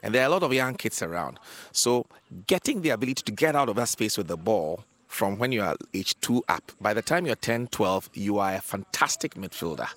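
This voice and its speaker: Man with a lively low voice. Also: fairly quick, no room sound. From Ghana. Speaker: football academy head. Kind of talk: interview answers.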